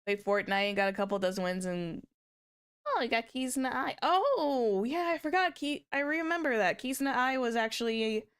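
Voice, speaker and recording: A woman's voice: on the high side, normal speed, fairly bright tone, smooth. A woman streamer chatting casually with viewers, rambling with many restarts and small laughs. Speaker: VTuber streamer.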